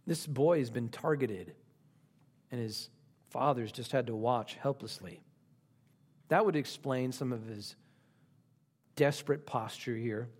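A middle-aged man preaching a sermon, stressing points by repeating phrases and slowing down on key lines. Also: darkish tone. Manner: speaks slowly on key lines and rises in pitch for emphasis. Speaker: pastor.

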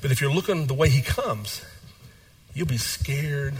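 A man preaching a sermon as pastor, repeating phrases and moving between hushed and animated delivery. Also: medium pitch, measured pace, breathy edge.

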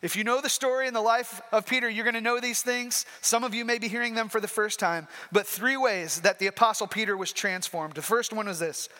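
High, bright-voiced preacher. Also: male voice, steady tone, a little fast, few pauses. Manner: emphatic, repeats key points. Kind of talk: sermon. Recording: reverberant hall.

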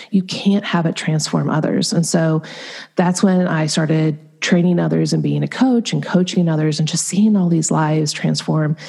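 A woman's voice: low voice, vocal fry, slightly rough. A middle-aged woman, a coach being interviewed, telling her story candidly and with animation, with plenty of "um" and "like". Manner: candid, animated, frequent fillers. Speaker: Enneagram coach and guest.

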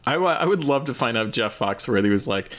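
A man's voice: medium pitch, expressive, quick pace, fairly bright tone. A man co-hosting a casual comedy podcast, riffing on jokes and laughing as he talks. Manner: joking, riffing, often laughing mid-sentence. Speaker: podcast co-host.

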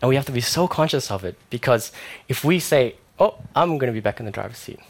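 A man's voice: mid-range voice, quick pace. Casual young male preacher. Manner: conversational, animated storytelling with slips and fillers. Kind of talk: sermon.

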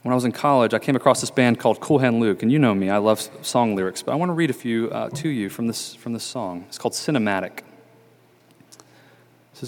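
A man preaching a sermon in an earnest, measured way, repeating key phrases for emphasis. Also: mid-range voice. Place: church sanctuary. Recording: long church reverb.

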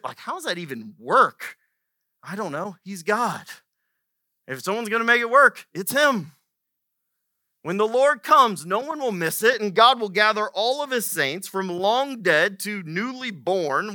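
Lively, bright-voiced male preacher. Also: high voice, dry recording, studio quality. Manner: conversational preaching with fillers and emphatic repetition. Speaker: pastor. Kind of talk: sermon.

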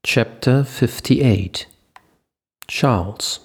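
A man giving steady scripted narration of an audiobook. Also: medium pitch, drawn-out words, faint music behind. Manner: steady storytelling.

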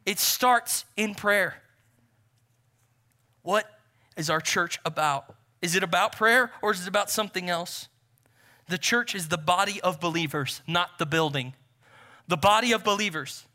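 High, bright-voiced male preacher. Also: moderate pace. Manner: conversational preaching, repeats phrases for emphasis. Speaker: pastor. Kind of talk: sermon.

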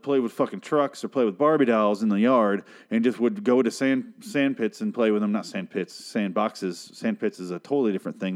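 A man's voice: lowish voice, darkish tone. A man hosting a podcast, recapping a TV show in a rambling, sarcastic, profane solo rant.

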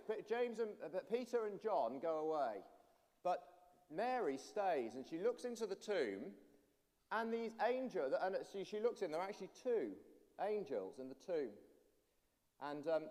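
A man, a pastor, giving an animated all-age sermon and addressing the children directly. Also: high-pitched. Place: church. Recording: long church reverb.

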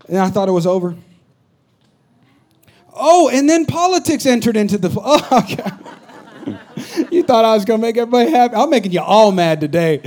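High-voiced pastor preaching. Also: male voice, animated, a little fast, pauses often. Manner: swings from loud urgent preaching to low confiding asides. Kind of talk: sermon.

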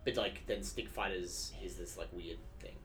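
A man in casual chat about games, explaining in a measured, hesitant way. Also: sits low, a bit bright, a little hiss or hum.

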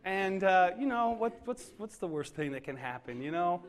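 A man's voice: sits high, very animated, moderate pace. A middle-aged man preaching, telling a self-deprecating story in a casual, conversational way with lots of fillers. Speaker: pastor. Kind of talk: humorous sermon story.

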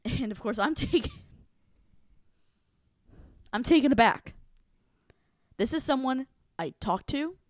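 A woman's voice: sits high, expressive, slow pace, pauses often, no room sound, studio quality. A woman co-hosting a casual talk show, retelling a personal story candidly and animatedly, swearing freely. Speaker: podcast co-host.

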